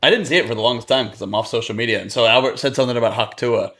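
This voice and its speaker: A man's voice: mid-range voice, very fast, a bit bright. A man in a casual podcast chat, talking bluntly and emphatically with frequent swearing.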